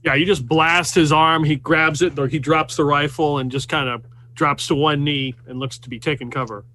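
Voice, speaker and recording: A man running a tabletop game as game master, calmly describing the action. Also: fairly high pitch, normal speed, slight background noise. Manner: relaxed, describing action scenes.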